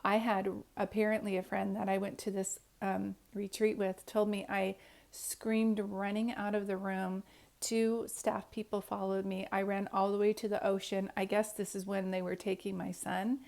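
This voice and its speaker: Woman psychic medium, storyteller; mellow, low-key, flat delivery, earnest and rambling. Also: moderate pace, gravelly. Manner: earnest, rambling, many restarts. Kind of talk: personal storytelling to camera.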